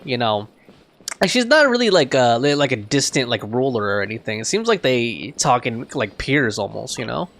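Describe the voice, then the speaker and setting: A man's voice: mid-range voice, fairly bright tone. A man giving casual let's-play commentary in a rambling way, with lots of filler words. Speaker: gameplay commentator.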